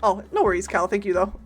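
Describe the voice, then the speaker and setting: Woman streamer, casual game commentary, animated pitch, lots of loud reactions. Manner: chatty, reacts loudly and talks to chat and game followers.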